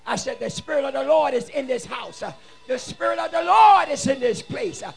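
A man preaching a shouted revival sermon in a church, fervently chanting and exhorting the congregation in call-and-response. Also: extremely high pitch, animated, a little fast, soft background music. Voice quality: gravelly, husky. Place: church sanctuary.

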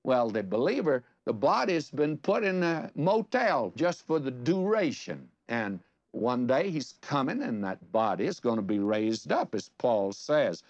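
A man's voice: medium pitch, very animated, unhurried, no room sound. An older man preaching a sermon in a folksy storytelling way, asking rhetorical questions. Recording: dull lo-fi sermon recording.

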